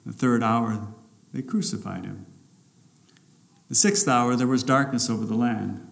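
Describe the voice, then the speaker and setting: A male pastor preaching a sermon, swinging between loud, emphatic lines and hushed, drawn-out ones. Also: medium pitch, expressive, gravelly. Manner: dramatic shifts between loud and hushed delivery.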